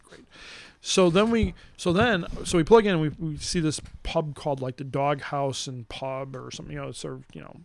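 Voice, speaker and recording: A middle-aged man telling a long road-trip story in casual chat, rambling and animated with restarts. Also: a little high, a little fast, creaky.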